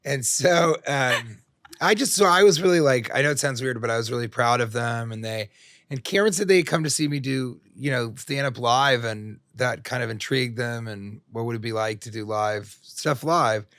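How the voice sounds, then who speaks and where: A man's voice: medium pitch, moderate pace, fairly bright tone, dry recording, clean studio sound. A middle-aged man, a comedian guest on a podcast, telling long rambling stories full of jokes and swearing. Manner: rambling, profane, jokey storytelling. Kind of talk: casual interview chat.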